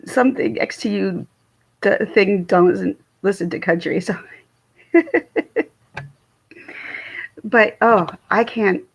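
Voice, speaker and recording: Woman, Philadelphia accent, middle-aged, gravelly, husky, chatty livestream host, laughs and restarts. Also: mid-range voice, slow, pauses often. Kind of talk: casual livestream chat answering viewer comments. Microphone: phone or webcam livestream.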